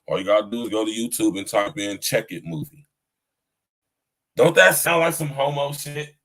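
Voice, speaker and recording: A man's voice: medium pitch, moderate pace, fairly bright tone, poor audio. Laid-back slangy man hosting a podcast. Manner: loose, laughing, slangy and profane. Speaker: podcast host. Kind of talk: casual live-stream chat.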